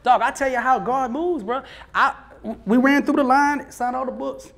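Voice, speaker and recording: A man speaking as a motivational speaker, telling a story live in a lively, slangy way, often laughing and acting out what others said. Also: very high-pitched, normal speed, creaky, background noise.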